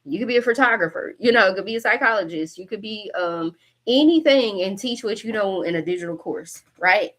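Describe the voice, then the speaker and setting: Speaking to camera, a woman in her forties who works as a tarot reader and coach offers a casual spiritual reading full of jokes, frequent laughter, bluntness and profanity. Her medium-pitched voice is a bit bright, with lively intonation and a brisk pace.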